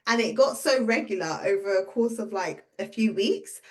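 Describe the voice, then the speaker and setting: Woman in her 30s telling a story, casual chat, voice jumps up when she quotes people. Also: normal speed. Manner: lively, acts out quoted dialogue with pitch jumps. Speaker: podcast guest, business owner and coach.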